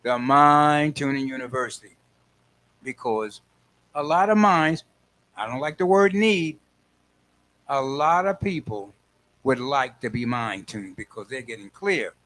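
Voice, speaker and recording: An older man hosting a radio talk show, animated and playful, acting out little scenes as he talks. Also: mid-range voice, unhurried, pauses often. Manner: lively, playful, acts out voices, frequent laughs.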